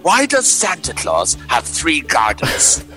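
A man playing a hammy children's entertainer who calls out to the boys and girls in a loud, sing-song way. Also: a little high, wildly swooping pitch, takes it slowly, over music, exaggerated voice.

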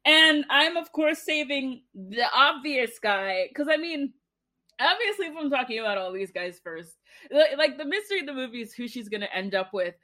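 A woman's voice: high voice, animated, moderate pace, bright, forceful tone. A woman co-hosting a podcast, chatting casually about a movie, laughing often and swearing freely. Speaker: podcast co-host.

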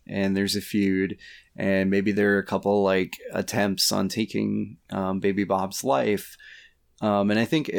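A podcast co-host with a fairly low, creaky voice chats casually and comedically, rambling in a laid-back way and giggling often.

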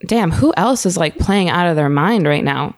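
Chill woman guest on a podcast, lowish voice, slangy, laughs a lot. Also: lively intonation, normal speed. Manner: laid-back, laughs often, slangy. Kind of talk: casual podcast chat.

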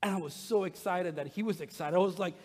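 A middle-aged man, a pastor, preaching a sermon with animated, humorous personal stories to his congregation in a church. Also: sits high, quick pace. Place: church sanctuary. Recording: long reverb of a large hall.

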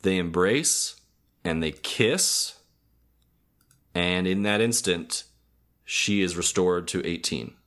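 A man's voice: low voice, slow, pauses often, a bit bright. A man co-hosting a podcast, casually recapping a cartoon episode in a rambling, hesitant way, full of ums and self-corrections. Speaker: podcast co-host.

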